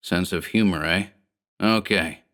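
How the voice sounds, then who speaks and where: A man's voice: sits low, a little slow, a bit bright. A man doing a sneering 1930s gang boss. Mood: scornful. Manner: 1930s gangster slang, snarling. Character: short slick male gang boss, scornful.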